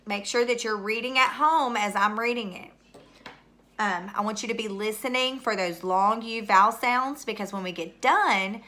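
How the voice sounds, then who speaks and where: A woman's voice: mid-range voice, pushed and bright, a little hiss or hum. A woman teaching a third-grade word study lesson on video, asking questions and answering them herself in a patient, encouraging way.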